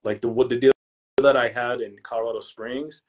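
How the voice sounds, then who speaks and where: A young man who is a podcast guest and real estate investor, chatting casually and telling lively stories in relaxed, slangy speech. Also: mid-range voice, moderate pace. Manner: relaxed and slangy, calls the hosts "bro"; lively storyteller who acts out his own past lines. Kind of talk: casual interview chat.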